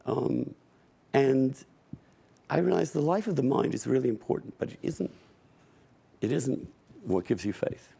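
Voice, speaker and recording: A middle-aged Englishman, a guest speaker sharing wry, unhurried personal stories with soft laughs and frequent restarts. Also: medium pitch, lively intonation, gravelly, husky. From England. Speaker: guest speaker at a public conversation. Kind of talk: reflective personal storytelling.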